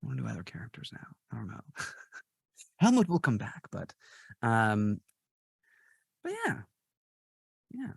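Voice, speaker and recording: A man talking as a guest in a casual podcast interview, chatty and verbose, telling stories in an animated way. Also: on the low side, measured pace, gravelly, pauses often, breathy edge, no room sound, studio quality. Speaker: guest, ASMR artist and actor.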